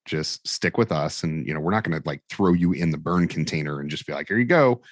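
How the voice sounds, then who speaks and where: Deep-voiced man telling a story. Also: a little fast, no room sound, clean studio sound. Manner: animated, acts out quoted dialogue. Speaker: fire training instructor, podcast guest. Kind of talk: casual storytelling interview.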